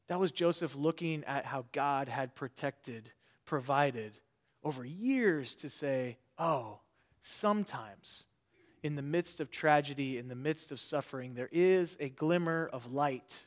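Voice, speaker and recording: A man preaching a sermon in an earnest way. He swings between loud emphasis and quiet, trailing phrases, and he repeats words when he restarts. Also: medium pitch, measured pace. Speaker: pastor.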